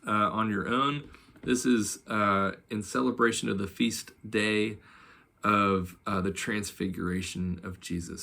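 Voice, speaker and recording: A man who teaches psalm chanting in an unhurried, gentle way, with many ums and uhs. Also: deep voice, creaky. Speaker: church music teacher. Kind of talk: teaching psalm chanting, speaking and singing examples.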